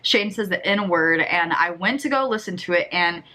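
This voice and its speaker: A young woman talks through her commentary in a casual, skeptical way. Her voice is bright and a little low for a woman. She sounds exasperated now and then. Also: lively intonation, moderate pace. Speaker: commentary YouTuber.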